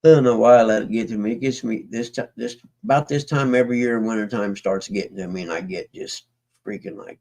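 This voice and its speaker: Gravelly, low-voiced man rambling on stream. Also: brisk, a little mellow, low-quality recording. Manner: meandering, folksy, trails off and restarts. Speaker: livestream host. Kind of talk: rambling casual chat to viewers.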